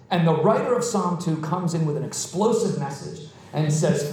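High-voiced preacher in an echoing church. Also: male voice, expressive, moderate pace, few pauses, a little mellow. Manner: emphatic preaching, rising to exclamations. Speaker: pastor. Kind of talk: sermon. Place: church sanctuary. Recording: very echoey hall, mic at a distance.

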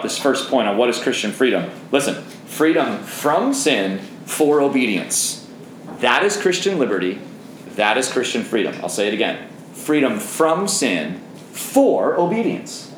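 A man's voice: medium pitch, echoey room, slight background noise, poor audio. A man preaching a sermon, emphatic, repeating key phrases and speaking straight to the congregation. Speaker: pastor.

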